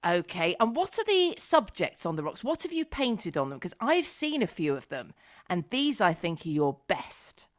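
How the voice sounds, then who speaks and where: Lively woman radio presenter. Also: lowish voice, normal speed. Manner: warm, animated and encouraging with a child guest. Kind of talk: live radio interview.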